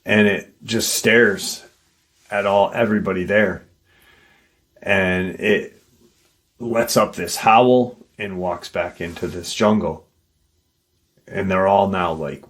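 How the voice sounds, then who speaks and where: Male storyteller, low voice, slow loose delivery, casual with profanity. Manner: unhurried, conversational, with fillers and swearing. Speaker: paranormal story narrator. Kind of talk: casual retelling of a listener's encounter.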